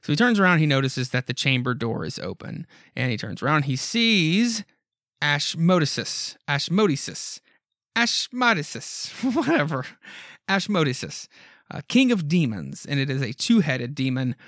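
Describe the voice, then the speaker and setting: A man's voice: on the high side, sing-song, normal speed, a bit bright, dry recording, studio quality. A man hosting a podcast, casually retelling a horror comic with lots of ums and offhand asides. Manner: rambling, frequent ums and asides. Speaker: podcast host. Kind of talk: casual comic book recap.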